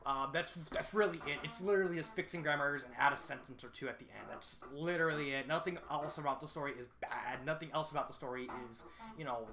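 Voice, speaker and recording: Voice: mid-range voice, fast talker, a crowd in the background. A fan fiction reviewer talking through a casual spoken review, rambling and correcting themself, hammering points home by repeating them. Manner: rambling, frequent self-corrections.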